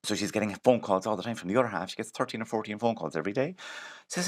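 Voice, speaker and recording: An Irish man telling a comic story in a deadpan monologue. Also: lowish voice, rapid-fire. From Ireland. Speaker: comedian.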